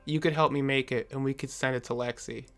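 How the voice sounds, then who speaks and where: A man of middle pitch hosts a casual live stream, talking to his viewers as he answers their comments. He rambles and jokes, with plenty of fillers and little chuckles, while faint music and keyboard typing sit quietly behind him. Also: steady tone, quick pace.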